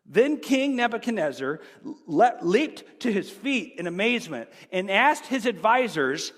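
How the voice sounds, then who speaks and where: A male pastor preaching a sermon, telling a story with animation, swinging between excited shouts and quiet asides. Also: high voice, a little slow, long reverb tail.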